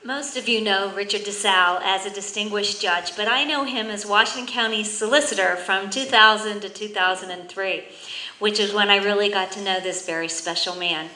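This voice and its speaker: A woman, a county official, giving a prepared tribute speech in a measured, formal way, reading from notes. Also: mid-range voice, pushed and bright, echoey room, a faint crowd, poor audio.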